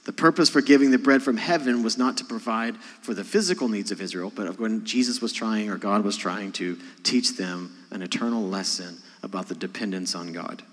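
A man preaching a sermon, talking to his congregation in a conversational way, rising to loud emphasis and dropping to quiet asides. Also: on the low side, a little fast, hardly any pauses. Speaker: pastor. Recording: long hall reverb.

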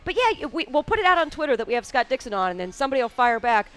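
A woman's voice: high-pitched, big pitch swings, racing, fairly bright tone, smooth. A woman from Indianapolis, co-host of a motorsport talk show, chatting bluntly and emphatically on a podcast. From Indianapolis, USA. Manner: blunt, emphatic, swears casually. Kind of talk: casual podcast chat.

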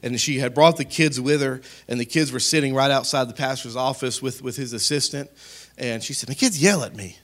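A man preaching a sermon as pastor, talking straight to his congregation in a conversational way, rising to loud emphatic peaks and dropping to quiet asides. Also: mid-range voice, steady tone, a little fast. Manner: conversational, addresses the congregation directly.

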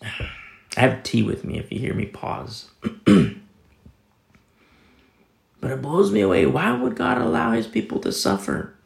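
A man's voice: fairly high pitch, wildly swooping pitch, a little slow, creaky, long pauses, roomy sound. A man pastor giving a conversational Bible teaching sermon, rambling with many restarts and sudden emphatic rises.

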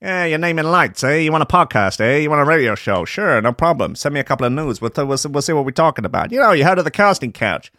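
A man's voice: on the high side, sing-song, fast talker, hardly any pauses, pushed and bright, no room sound, studio quality, pitched above the performer's own voice, heavily acted. A man playing a brash, sleazy showbiz mogul. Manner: pushy, leering, tag questions.

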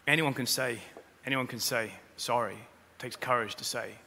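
A man preaching a sermon as pastor, speaking straight to the congregation with humorous asides, and rising to loud, emphatic peaks. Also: mid-range voice, normal speed, creaky, slight background noise. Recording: long reverb of a large hall.

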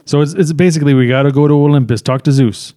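A man's voice: on the high side, fast, warm tone, no room sound, clean studio sound. A man co-hosting a casual movie talk, rambling through his points with fillers. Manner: rambling, many fillers and restarts. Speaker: movie podcast co-host. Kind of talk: casual chat.

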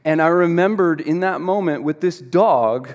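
A middle-aged man preaches to his congregation. He tells a personal story in an animated way, with dry, self-deprecating humor. His voice rings out with a long reverb, as in a large church hall. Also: on the high side, normal speed. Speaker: pastor. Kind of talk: sermon.

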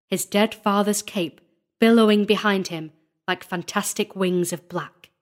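A woman narrating a gothic horror story as a dramatic audiobook reading, measured and building tension. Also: mid-range voice.

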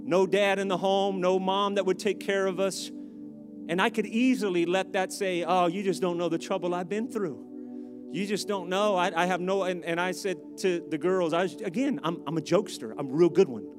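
A man preaching a sermon as pastor, joking in asides and building to loud, emphatic exhortations. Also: high voice, steady tone, normal speed, over music.

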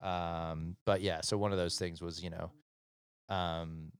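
A man's voice: low voice, level tone, takes it slowly, clear, resonant tone, no echo. A middle-aged man chatting casually and rambling through a family story, with plenty of fillers and acted-out dialogue. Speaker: divorced father sharing his story. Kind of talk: casual conversational chat.

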